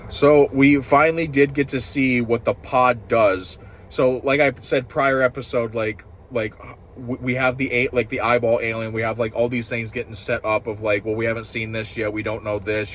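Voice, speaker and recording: A man giving a rambling, frustrated review, swearing often and restarting his sentences while clearly upset. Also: medium pitch, a bit bright, a little hiss or hum. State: upset and agitated. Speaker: show reviewer. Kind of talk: ranting casual review.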